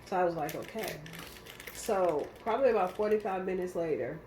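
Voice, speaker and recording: A woman's voice: on the low side, fast, darkish tone, a little hiss or hum. A woman recounting a personal story in casual conversation, vivid and emotional, acting out the quotes. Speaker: guest telling her story. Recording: roomy echo.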